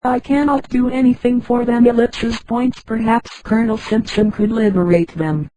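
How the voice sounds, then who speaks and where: A woman reading the lines of a grown man stranded on another planet, in a flat, even synthetic voice. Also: a little high, normal speed, dry recording, close to an everyday voice, rough recording.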